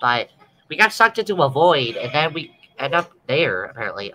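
Excitable young woman streamer. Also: deep voice, normal speed, a little hiss or hum, poor audio. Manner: bursts of squealing excitement and laughter. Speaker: streamer playing a card game. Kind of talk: excitable gaming chat.

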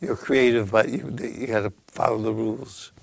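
A man posing riddles in casual chat, playful and teasing, slowing down to repeat the key lines. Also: lowish voice, fairly even intonation, vocal fry.

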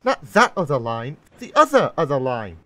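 A man's voice: a little high, very animated, sharp tone, pitched above the performer's own voice. A man voicing a huffy, bickering tank engine. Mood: cross. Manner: snappish, huffy, quick to argue. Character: cheeky, cross young male twin tank engine. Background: music.

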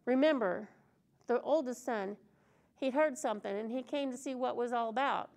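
Woman, sermon, earnest conversational preaching, fairly high pitch, vocal fry. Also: normal speed, darkish tone.

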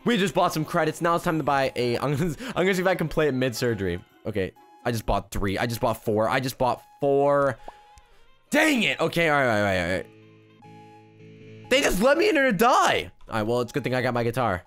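A man's voice: medium pitch, big pitch swings, quick pace, fairly bright tone, soft background music. A young man joking and rambling through casual gameplay commentary, with frequent restarts. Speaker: gaming YouTuber.

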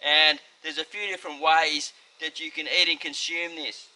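A man's voice: fairly high pitch, fairly even intonation, moderate pace, sharp tone, low-quality recording. A man with an Australian accent hosting a casual gardening vlog, chatty and enthusiastic, addressing viewers as his friends. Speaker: gardening channel host.

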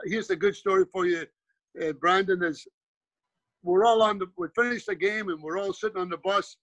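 Scottish guest in his 70s; high, forceful tone; chatty storyteller full of restarts. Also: no room sound, highs cut off. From Scotland. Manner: rambling anecdotes with frequent restarts and "you know". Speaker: guest, former pro player and coach. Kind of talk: casual storytelling interview.

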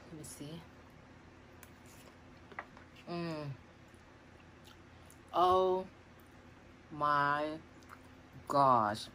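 A woman's voice: lowish voice, fairly bright tone, a little hiss or hum. A middle-aged woman eating on camera at home, murmuring between bites and gushing about her food. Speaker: food vlogger. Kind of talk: mukbang eating vlog. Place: home kitchen.

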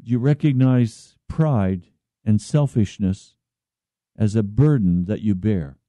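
A man preaching a slow, earnest radio sermon as pastor, at times pleading in prayer. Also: lowish voice, dark tone, dry recording.

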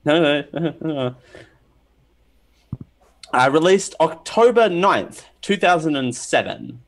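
A man's voice: on the high side, a bit bright. A man hosting a casual podcast quiz, joking with the crew and reading out questions with some stumbles. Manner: joking, laughs often, stumbles over reading. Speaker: podcast host running a quiz.

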